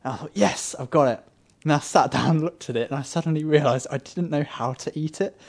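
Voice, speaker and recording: A man's voice: a little high, quick pace, a little mellow. Rambling man, middle voice. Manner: rambling, self-deprecating. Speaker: games journalist, podcast regular. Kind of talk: casual podcast chat, anecdote.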